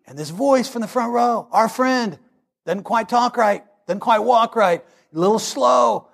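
Male preacher, high voice, energetic storyteller who builds to shouts. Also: moderate pace, creaky. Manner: animated storytelling, swells into shouting. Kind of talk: sermon.

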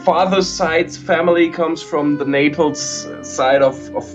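A man's voice: on the high side, measured pace, muffled recording, soft background music. A man from Germany with a German accent, chatting as a guest and joking, often restarting his phrases. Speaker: guest musician. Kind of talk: casual chat.

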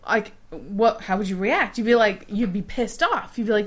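A woman co-hosting a podcast, chatting casually and giving advice, animated and quick to laugh. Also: fairly high pitch. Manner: chatty, laughs often, animated when making a point. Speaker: podcast co-host.

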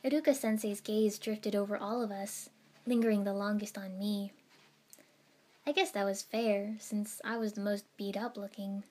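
A woman narrating a story in the first person. She reads in an even, steady manner, moving the tale along between the dialogue. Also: medium pitch, normal speed.

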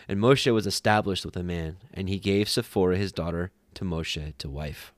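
A man reads scripture aloud in a low voice, at a steady pace. Now and then he corrects himself. The sound is dry and close, with no room around it. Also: moderate pace, few pauses, no room sound. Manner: steady reading with small self-corrections. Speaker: scripture reader.

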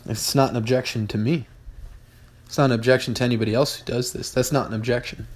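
A man in a casual podcast monologue, speaking bluntly and cursing freely. He hammers points home by repeating them. His voice sits in an ordinary middle pitch. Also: steady tone, fast talker. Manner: blunt, profane, emphatic repetition. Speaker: podcast host, business owner.

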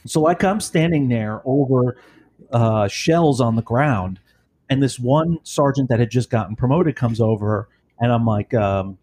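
A former police supervisor chatting casually, telling blunt, profane, rambling stories. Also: male voice, medium pitch, animated, a little slow, mellow, a little hiss or hum. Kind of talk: casual storytelling chat.

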